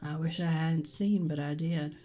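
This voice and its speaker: A woman's voice: deep voice, fairly even intonation, a little slow, dark tone, soft background music. A woman voicing a frightened rural man in a put-on accent while reading a game's text, on a condenser desk mic. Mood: shaken.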